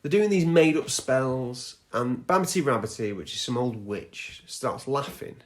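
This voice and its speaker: A man's voice: mid-range voice, lively intonation, unhurried. A man hosting a podcast, casually retelling a story with loose, sweary asides and frequent "right?" check-ins. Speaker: podcast host.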